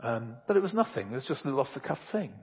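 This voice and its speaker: A man's voice: medium pitch, sing-song, very fast, slightly rough. A man preaching an earnest, emphatic sermon and telling homely anecdotes, recorded in a church. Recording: reverberant hall, dull lo-fi sound.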